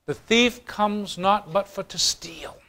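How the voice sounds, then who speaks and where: A man preaching a sermon as pastor, swinging from quiet, low lines to fast, loud bursts.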